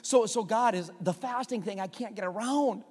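A man with a high voice preaches to his church. He drops to a near hush, then climbs to loud, repeated calls. A long reverb trails his words around the sanctuary. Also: normal speed, slightly rough. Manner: swings from hushed to shouting with many repeats. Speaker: pastor. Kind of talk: sermon.

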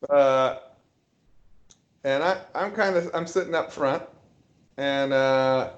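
Casual male storyteller, mid pitch, halting delivery, muffled recording. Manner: halting, hesitant storytelling with many restarts. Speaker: guest telling a story. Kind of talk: casual podcast chat.

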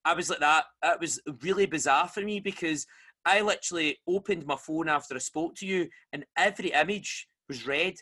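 A Scottish man with a fairly high voice and a brisk delivery hosts a casual chat, telling a story with lively energy and acting out the voices of the people he quotes.

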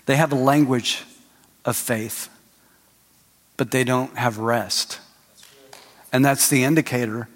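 Animated pastor preaching in a reverberant hall. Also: male voice, medium pitch. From Texas. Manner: animated storytelling, acting out voices and rising to shouts. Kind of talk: sermon. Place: church hall.

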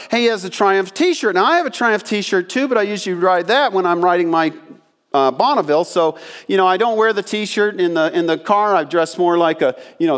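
An older man preaching a sermon, telling folksy stories with asides to the congregation and acting out the voices of people in his story. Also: sits high. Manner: acts out quoted voices in the story. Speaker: pastor.

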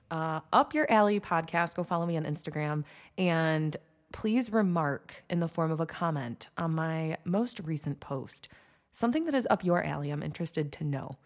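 A young American woman with a low voice hosts her own podcast, speaking at normal speed. Her casual solo chat is self-deprecating and full of fillers and restarts.

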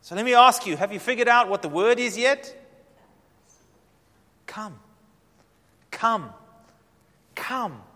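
Male pastor, high voice, earnest and inviting sermon delivery, long hall reverb. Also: quick pace, hardly any pauses. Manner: earnest, inviting, shifts from hushed to emphatic.

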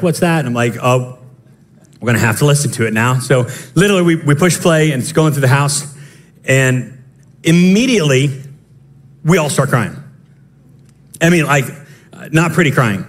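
A pastor in his thirties delivering a lively sermon, telling a family story and acting out quotes. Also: medium pitch. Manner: animated, storytelling with voiced quotes. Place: church sanctuary.

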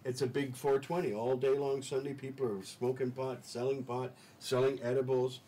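A man's voice: mid-range voice, level tone, moderate pace, dark tone, poor audio. A man talking as a studio guest in casual talk-show chat, enthusiastic and rambling, repeating words as he restarts his sentences.

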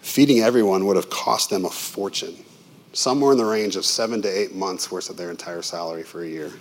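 A pastor preaches his sermon in a relaxed, conversational manner, leaning on vivid asides and questions to his listeners. His voice sits low for a man, and he talks a little fast.

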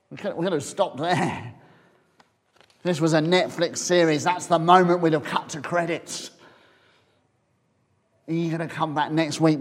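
A man preaching slowly, letting each phrase settle before the next. His voice sits a little high for a man, and it swings between near-whispers and full, carrying lines. A long reverb from a large hall trails behind his words. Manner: storytelling, imagining scenes aloud, swinging from loud to hushed. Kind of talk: sermon.

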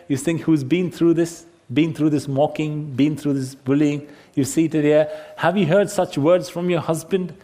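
A man preaching a sermon to a seated congregation. He asks rhetorical questions, acts out the voices in his stories and sometimes drops to a hushed tone for emphasis. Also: on the high side. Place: church congregation.

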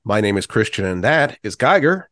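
A man's voice: on the low side, very animated, normal speed, a bit bright, no echo, studio quality. A man co-hosting a podcast, trading crude, mocking jokes in casual comedic chat. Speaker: podcast co-host.

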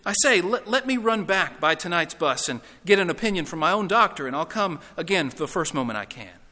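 A man's voice: high voice, expressive, fairly quick, sharp tone, pitched above the performer's own voice. A man voicing a cowardly male ghost who whimpers, stammers and begs. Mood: pleading, panicked. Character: frightened whining male ghost, cowardly and pleading. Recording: reverberant hall.

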